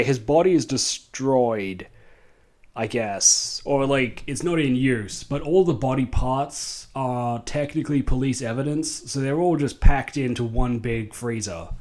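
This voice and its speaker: A man talks through a horror movie's plot at an unhurried pace. He rambles, restarts and curses freely. His voice sits at an ordinary, middle pitch. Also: darkish tone. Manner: rambling, profane, laughing asides. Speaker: film recapper. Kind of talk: casual movie recap.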